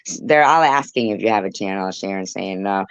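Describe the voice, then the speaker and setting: A woman hosting a casual live stream, relaxed and chatty, filling her sentences with "like" and "you know" as she relays the chat. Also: rumbling low, brisk, smooth, dry recording. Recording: dull, slightly lo-fi sound.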